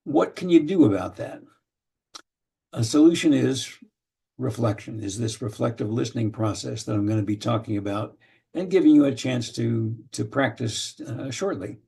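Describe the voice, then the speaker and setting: Older man lecturing in a gravelly voice. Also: medium pitch, dark tone. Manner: measured, explanatory, with frequent fillers and restarts. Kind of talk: online training lecture.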